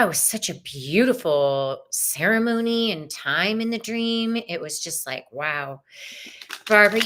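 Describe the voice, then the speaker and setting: Bubbly woman host, casual live-stream chat, greets viewers, mid pitch. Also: sharp tone.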